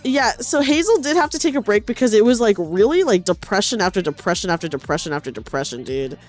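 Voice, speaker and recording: Animated young woman streamer, lively voice. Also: mid-range voice, fast talker, faint music behind. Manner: animated, swears, trails into quiet mumbles. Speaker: streamer host. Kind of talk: casual chat.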